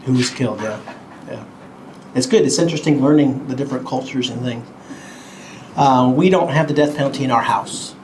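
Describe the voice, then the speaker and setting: A man teaching a Bible lesson to children at home, talking slowly and simply, a bit cartoonish, and asking the kids questions. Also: mid-range voice, darkish tone, a little hiss or hum, rough recording.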